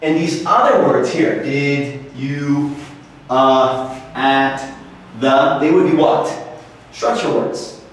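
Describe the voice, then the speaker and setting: A man's voice: a little high, lively intonation, slow. Echoey, distant man teaching a class. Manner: asks the class questions, repeats example sentences. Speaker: English teacher. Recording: very echoey room, from far off.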